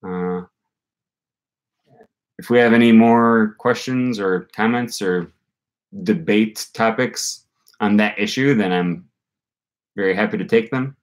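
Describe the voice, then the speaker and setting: Young male host, slightly low voice, loose rambling livestream chat, thinks out loud. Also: slow, long pauses. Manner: rambling, thinking aloud with many fillers. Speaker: language-learning channel host. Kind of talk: casual livestream talk answering comments.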